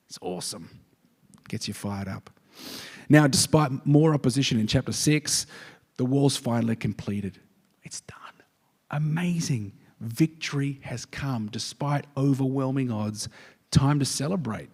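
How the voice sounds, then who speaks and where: Aussie pastor preaching, goes from whispers to big rousing bits, long hall echo. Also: male voice, mid-range voice, unhurried, slightly rough. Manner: animated storytelling, whispers for drama, calls out quotes. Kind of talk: sermon. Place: church hall. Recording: hall reverb.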